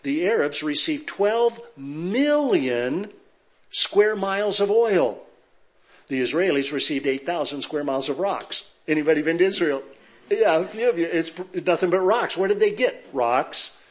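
Storytelling pastor, higher voice. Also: male voice, unhurried. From Southern California. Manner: lively storyteller, joking with the audience. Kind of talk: sermon with humorous anecdotes.

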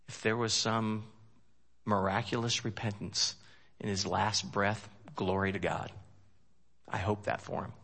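A man preaching a sermon in a folksy, joking way, swinging from loud emphasis to hushed storytelling. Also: on the low side. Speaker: pastor.

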